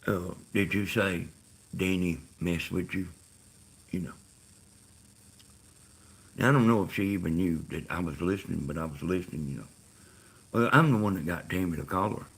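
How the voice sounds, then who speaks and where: Husky deep Georgia man rambling. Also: lively intonation, brisk, long pauses. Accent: Southern US, Georgia. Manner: meandering, full of "you know" and "like". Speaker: live stream host. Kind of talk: rambling casual chat.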